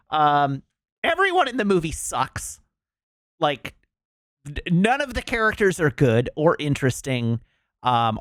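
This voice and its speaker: A male streamer chatting casually to his viewers, rambling with plenty of fillers. His pitch swings widely when he stresses his complaints. The sound is dry, with no room echo. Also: fairly bright tone. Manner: rambling, lots of "um" and "like", emphatic complaints.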